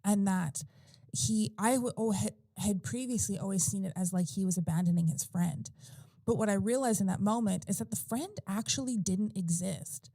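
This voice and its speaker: A woman talks through a personal story on a casual podcast, circling back, restarting sentences and leaning on fillers. Her voice is warm and relaxed in tone, and the sound is dry and close with no room around it. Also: mid-range voice, moderate pace, no room sound. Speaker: podcast guest or host.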